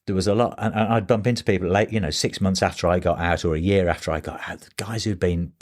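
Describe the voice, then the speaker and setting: Low-voiced older man telling stories. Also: fairly even intonation, quick pace. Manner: rambling, restarts, anecdotal with voiced quotes. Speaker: playwright guest. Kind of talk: casual interview storytelling.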